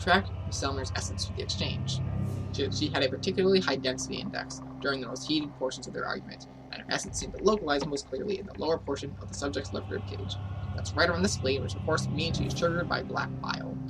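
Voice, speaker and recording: Speaking a little high and fast, this let's play narrator works through a role-playing game and voices all of its characters' lines on his own. He's picked up by a distant microphone amid room noise.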